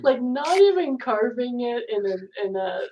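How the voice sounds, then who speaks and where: Woman, tabletop game player, high voice, laughing often, incredulous, dull lo-fi audio. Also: big pitch swings, unhurried.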